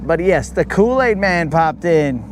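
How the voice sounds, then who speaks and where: Slow-talking man streaming from a fishing boat. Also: a little high, big pitch swings, background noise. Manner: joking, chatting to viewers while fishing. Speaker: fishing livestreamer. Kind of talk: casual live-stream chat. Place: on a boat on a lake.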